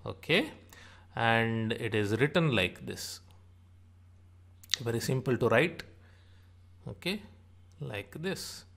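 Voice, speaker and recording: A man teaching an alphabet lesson, saying each sound and example word slowly and repeating them. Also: medium pitch, very animated, fairly bright tone. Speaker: language teacher. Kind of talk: slow spoken alphabet lesson.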